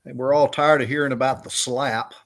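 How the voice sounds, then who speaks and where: A man's voice: mid-range voice, steady tone, brisk, a bit bright. A middle-aged man, casually rambling through stories on a live chat, with lots of fillers. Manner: rambling, drawling with many fillers. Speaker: live stream host.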